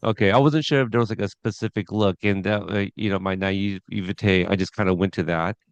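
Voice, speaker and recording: A man's voice: low voice, steady tone, fairly quick, clean tone, dry recording, highs cut off. A man hosting a casual podcast, recapping an episode from his notes in a rambling way with chuckles. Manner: rambling, chuckling, reads scene notes aloud.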